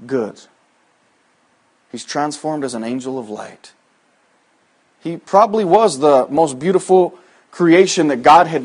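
High-voiced man preaching. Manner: swings from soft and low to loud, high exhortation; conversational, folksy preaching with asides. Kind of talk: sermon.

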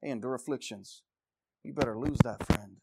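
A man preaching a sermon with passion, swinging from loud exhortation to low intensity and repeating phrases for emphasis. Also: normal speed, gravelly, very noisy.

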